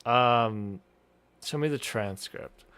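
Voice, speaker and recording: A man's voice: medium pitch, takes it slowly, fairly bright tone. A man streamer giving casual, profane commentary on a video, rambling with frequent restarts and asides.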